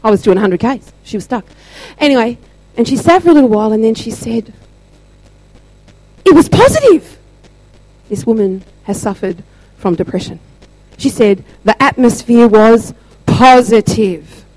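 A woman shares a testimony in a mellow, warm voice. She paces it slowly and leans on pauses for emphasis. The sound is dry and close. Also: fairly high pitch, no echo, poor audio. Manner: slow, deliberate storytelling with emphatic pauses. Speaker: church member sharing testimony. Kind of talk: testimony sharing.

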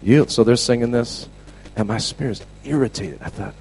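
A man preaching a storytelling sermon to a class, animated, dropping to a hush and then shouting. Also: mid-range voice, normal speed, a little hiss or hum, poor audio. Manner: animated, swings from hushed to shouting.

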